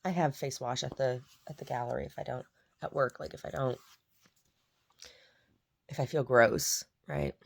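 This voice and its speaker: A woman's voice: extremely low pitch, steady tone, normal speed, vocal fry, long pauses. A woman who paints, chatting casually to camera in a rambling way, often repeating herself. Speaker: painter vlogging her day. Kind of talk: casual chat.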